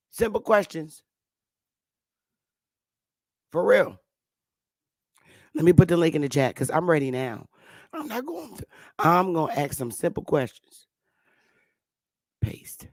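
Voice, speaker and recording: A woman's voice: lowish voice, very animated, takes it slowly, long pauses, darkish tone, dry recording, studio quality. A woman hosting a live stream, ranting with emphatic, profane talk and repeating the same rhetorical questions. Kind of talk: heated live-stream rant.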